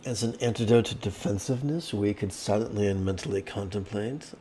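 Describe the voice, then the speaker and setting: A man, a meditation teacher, guiding a meditation with monotone mantra chanting and relaxed, joking asides. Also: lowish voice, brisk, hardly any pauses, a little hiss or hum.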